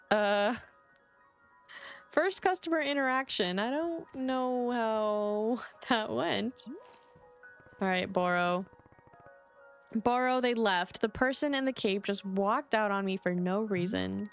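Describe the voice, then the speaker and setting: A woman's voice: mid-range voice, slow pace, pauses often, clean tone, faint music behind. A woman casually commenting as she plays a game, chatty and giggly. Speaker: streamer.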